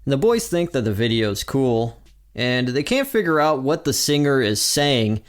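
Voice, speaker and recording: A man hosting a podcast, recapping a cartoon episode in lively storytelling narration. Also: medium pitch, normal speed. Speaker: podcast host.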